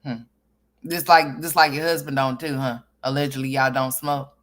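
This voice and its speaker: Low-voiced woman scolding in commentary. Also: flat delivery, fairly bright tone. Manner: sassy, scolding, drawn-out emphasis. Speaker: commentary channel host. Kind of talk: reaction commentary.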